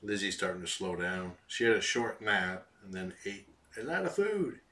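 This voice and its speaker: A man casually commenting to viewers from home, relaxed and chatty with dry asides. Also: low-pitched, normal speed, distant mic. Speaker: live stream host. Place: home room with cats.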